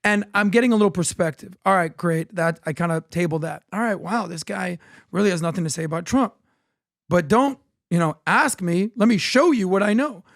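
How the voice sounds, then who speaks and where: A man's voice: high voice, brisk, vocal fry, no echo, studio quality. A man co-hosting a political podcast, telling anecdotes and acting out the dialogue in them. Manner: animated anecdotal storyteller, acts out dialogue. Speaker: podcast co-host.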